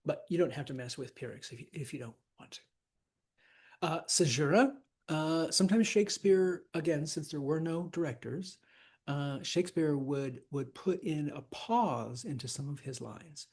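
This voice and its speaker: A woman's voice: sits low, normal speed, darkish tone, slightly rough. A woman teaching verse scansion in a casual lecture, chatty, with frequent fillers and laughter.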